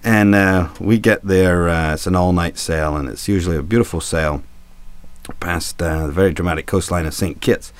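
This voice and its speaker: A man's voice: sits low, normal speed, clear, resonant tone, dry recording. A man, a sailing trip guide, telling a rambling, irreverent anecdote full of fillers and asides. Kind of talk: anecdotal storytelling.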